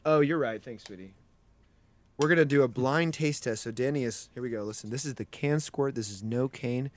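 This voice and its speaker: A man's voice: medium pitch, fairly quick, no room sound. A man co-hosting a casual podcast from a basement, joking and rambling with restarts. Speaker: podcast co-host. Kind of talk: casual chat. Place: basement room. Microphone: headphones and studio mic.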